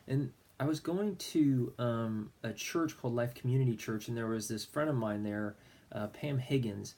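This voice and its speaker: Earnest middle-aged man, mellow voice. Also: mid-range voice, creaky. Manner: earnest storytelling, acting out his own prayers. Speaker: minister. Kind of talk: personal faith testimony vlog.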